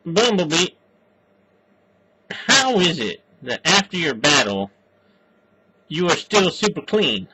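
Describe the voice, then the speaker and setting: A man's voice: fairly high pitch, big pitch swings, noisy background. A man reviewing a movie in casual, rambling chat, swearing often and stopping on lots of fillers. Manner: profane, halting, full of fillers.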